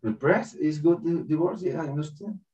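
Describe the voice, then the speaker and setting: A man's voice: on the high side, moderate pace, mellow. A man in his forties gives a personal spiritual talk in broken English. He acts out voices and laughs often. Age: 40s. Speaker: speaker at a spiritual festival. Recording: dull distant recording.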